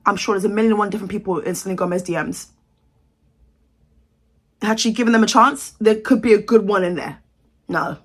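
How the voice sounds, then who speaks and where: A young British woman rants about celebrity gossip in a sassy, exaggerated vlog voice. Her tone is husky and a little breathy, sitting fairly high for a woman. She sounds outraged and theatrical, playing her reactions up for the camera. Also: lively intonation, fairly quick, long pauses. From United Kingdom. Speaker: commentary vlogger. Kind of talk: ranting celebrity commentary.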